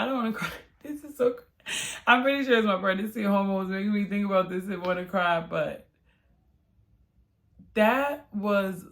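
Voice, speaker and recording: A woman telling a personal story in a chatty, animated way, laughing often and acting out quoted lines in a higher voice. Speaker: vlogger.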